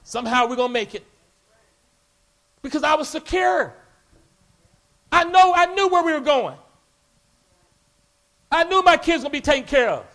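A man preaching a sermon, animated, acting out quoted voices and breaking into shouts. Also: very high-pitched, normal speed, long pauses.

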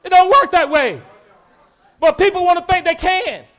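A man preaching a sermon, animated, acting out quoted voices and breaking into shouts. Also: extremely high pitch, normal speed.

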